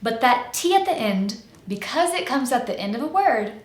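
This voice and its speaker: A woman's voice: fairly high pitch, sing-song, moderate pace, roomy sound. An American woman in the role of an accent coach, giving a pronunciation lesson and carefully articulating each sound.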